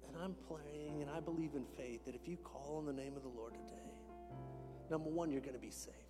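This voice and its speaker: A man preaching a sermon as a pastor in a church, moving between hushed whispers and loud, impassioned calls. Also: a little high, brisk, music in the background. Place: church sanctuary.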